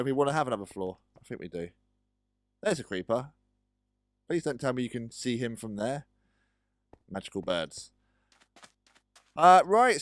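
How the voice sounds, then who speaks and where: In a mid-range voice with no echo, a man who hosts gaming videos casually comments on a building game. He's chatty and hesitant, full of ums, and keeps talking to his in-game pets.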